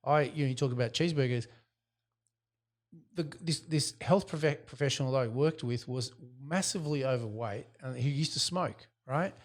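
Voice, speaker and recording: A man's voice: mid-range voice, moderate pace. A man co-hosting a business podcast, talking reflectively and telling anecdotes with quoted back-and-forth dialogue. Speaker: podcast co-host. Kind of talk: casual business podcast chat.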